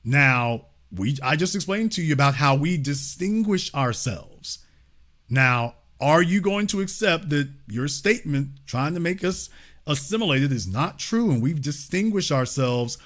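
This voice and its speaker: A man's voice: on the high side, animated, a little slow, fairly bright tone. A man hosting a call-in show, arguing hard with a caller and cutting him off again and again. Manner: confrontational, cuts in repeatedly. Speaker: host. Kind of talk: heated call-in debate.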